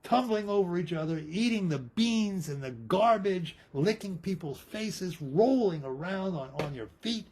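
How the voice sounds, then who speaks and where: Man telling a made-up story, kinda raspy, highish voice, playful. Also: unhurried, few pauses. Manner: playful, animated. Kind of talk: improvised storytelling.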